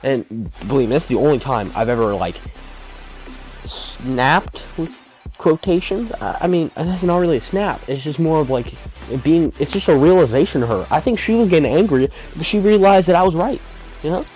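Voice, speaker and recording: A man's voice: a little high, expressive, moderate pace, darkish tone, soft background music. A man telling a comedic story as a vlogger, rambling with many restarts and fillers and talking straight to his viewers.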